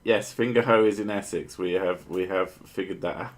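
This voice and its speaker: A man's voice: sits low, steady tone, moderate pace. A man hosting a podcast, trading crude jokes in casual chat. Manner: crude, joking banter with bursts of silly voices. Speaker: podcast host.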